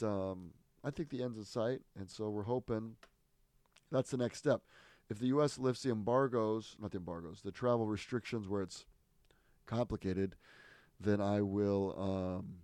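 Rambling, amused low-voiced man chatting. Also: darkish tone, dry recording. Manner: rambling, self-interrupting, amused storytelling. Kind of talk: casual chat.

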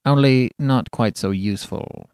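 A man's voice: mid-range voice, unhurried, darkish tone, smooth, no room sound, clean studio sound, lightly acted. A male reader plays a self-important town councillor. He utters his remarks with airs of refinement. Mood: pompous. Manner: pompous.

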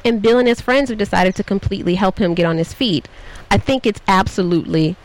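A woman's voice: mid-range voice, brisk, poor audio. Woman co-host, chatty recap talker, laughs a lot, mid-range voice. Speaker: podcast co-host. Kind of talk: casual chat recapping a reality show.

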